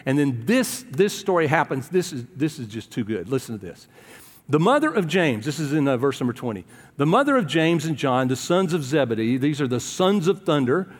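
A man's voice: a little high, big pitch swings, fairly quick, long reverb tail. A man preaching a sermon, retelling a Bible story in a loose, conversational way with fillers and voiced quotes. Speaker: pastor.

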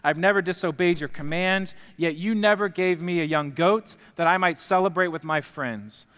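Sermon retelling: preacher playing a resentful older brother, indignant and loud, raised voice, long hall reverb. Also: male voice, high voice, normal speed, clean tone. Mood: aggrieved. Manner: indignant, aggrieved complaining.

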